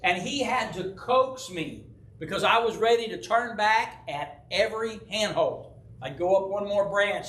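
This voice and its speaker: A man's voice: high voice, moderate pace, echoey room. A man, the pastor, teaching a Bible study in a loose, conversational way, telling personal stories, acting out voices and often checking in with "right?". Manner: animated storyteller who acts out quoted voices. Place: church hall.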